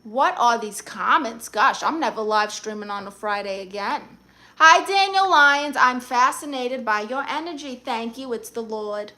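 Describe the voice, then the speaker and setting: A man hosts a comedy live stream as a sassy, flirty middle-aged aunt, speaking Spanish-accented English in an extremely high, exaggerated voice with lively intonation. A little slow, he's brassy, teasing and dramatic, and welcomes fans warmly.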